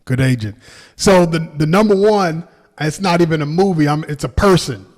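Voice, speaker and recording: A man co-hosting a podcast in casual chat, laughing often and pausing with ums. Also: fairly high pitch, a little mellow, in a large hall. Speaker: podcast co-host.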